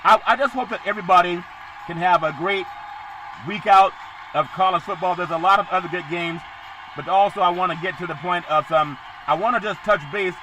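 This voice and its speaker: A man hosting a sports podcast, previewing college football games with excitable, emphatic bursts. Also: high-pitched, brisk, slight background noise, low-quality recording.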